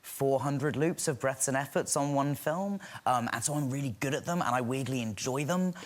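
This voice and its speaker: A man's voice: medium pitch, moderate pace. A young English man in his twenties, a talk show guest chatting in a self-deprecating way with many fillers. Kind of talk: casual chat.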